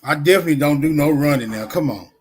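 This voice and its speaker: A man runs a casual livestream, his voice sitting a little high. He talks loosely, swearing and teasing the callers as he goes. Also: fast, slightly rough, faint music behind. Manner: loose, profane, teasing banter. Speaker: livestream host.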